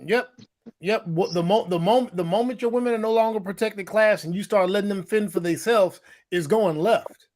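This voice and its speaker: High-voiced man, emphatic podcast talk. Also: normal speed, a little mellow. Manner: emphatic, repetitive, acts out quotes. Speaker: podcast co-host. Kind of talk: casual discussion podcast.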